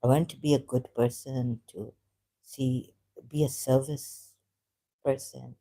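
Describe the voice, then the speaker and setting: A woman with a Sindhi Khoja accent, talking on a live stream in a halting, rambling way, often searching for words and slipping into Hindi-Urdu. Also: a bass voice, fairly even intonation, gravelly, warm tone.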